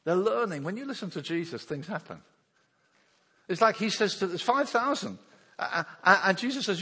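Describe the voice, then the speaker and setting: Lively preacher. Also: male voice, high voice, a little fast, husky. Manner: animated, acts out Bible voices, chuckles often. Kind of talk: sermon. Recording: long hall reverb.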